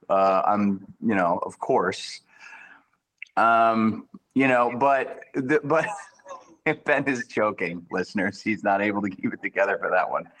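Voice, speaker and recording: A man's voice: lowish voice, fairly bright tone. Joking man with a chatty, rambling delivery. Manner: jokey, rambling, frequent restarts. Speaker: comedian guest. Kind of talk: casual comedic chat.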